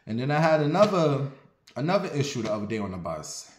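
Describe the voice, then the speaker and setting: A man from Ohio telling a casual story in an animated, profane, dramatic way. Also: mid-range voice, quick pace, a little hiss or hum. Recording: roomy echo.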